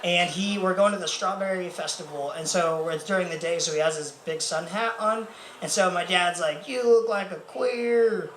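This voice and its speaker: A man's voice: sits high, normal speed, a bit bright. A young man doing a rambling, profane, self-mocking stand-up set full of fillers and laughter. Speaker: stand-up comedian. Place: bar or club stage with a live audience. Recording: echoey room with crowd noise.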